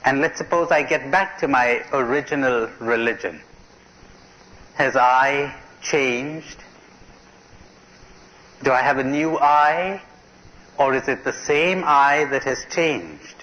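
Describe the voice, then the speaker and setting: A middle-aged man with a medium-pitched, sharp-toned voice speaks slowly and pauses often. During his live spiritual conference talk, he poses questions to listeners and tells jokes to the audience. The tape sounds dull and lo-fi.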